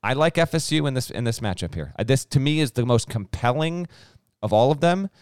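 A man's voice: medium pitch, animated, a little fast, clear, resonant tone, no room sound. Man, podcast co-host, casual betting chat, stat-heavy, resonant voice, dry sound. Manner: chatty, stat-heavy, restarts sentences.

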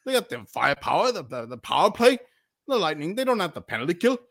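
A man putting on a rowdy, over-the-top fake Australian voice, sitting higher than his usual talk and lurching up and down in pitch. The delivery is hammy and profane, with laughs breaking through. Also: big pitch swings, fast talker, vocal fry, fairly bright tone, full character voice. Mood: joking. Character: rowdy man faking a bad Australian accent.

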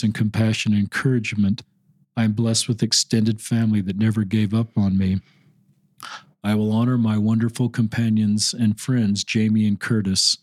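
A middle-aged man hosting a podcast interview, speaking slowly and earnestly as he reads a friend's post aloud. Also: on the low side, no room sound. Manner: slow, earnest, moved to emotion while reading. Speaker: podcast host.

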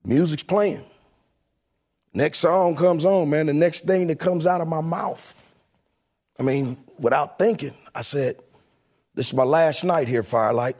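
A man with a fairly high-pitched voice tells a personal story about his years as a club DJ. He talks in a loose, casual way and acts out the voices of the people he quotes. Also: unhurried, pauses often, darkish tone.

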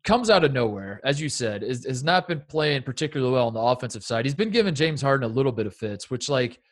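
A man co-hosting a casual sports chat, excitable and laughing as he acts out coaches' rants. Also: medium pitch, quick pace. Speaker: co-host.

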